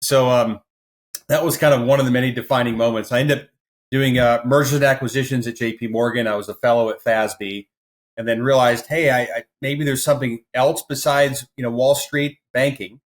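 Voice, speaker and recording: Animated male storytelling guest. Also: medium pitch, a little fast. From American Midwest. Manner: animated storyteller who acts out quoted voices. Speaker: podcast guest. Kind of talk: storytelling in an interview.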